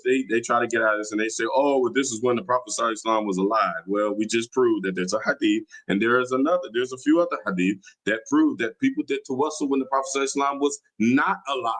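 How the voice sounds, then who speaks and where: A man's voice: mid-range voice, a bit bright, rough recording. Argumentative man on a livestream. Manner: argumentative, challenging, repeats himself. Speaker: livestream host. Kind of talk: religious livestream talk reading comments.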